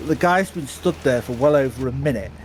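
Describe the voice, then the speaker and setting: A man's voice: medium pitch, fairly quick, a little hiss or hum. A man with an English accent chatting casually with friends while gaming, often restarting his sentences and breaking into laughter. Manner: chatty, stammering restarts, bursts into impressions and laughter. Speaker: player chatting on a farming sim stream. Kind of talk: casual chat.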